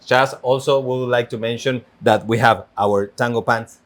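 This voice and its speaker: A man's voice: medium pitch, steady tone, normal speed. A man co-teaching tango who explains the technique step by step and speaks to the leaders. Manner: explains technique and agrees with partner. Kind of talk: dance lesson instruction.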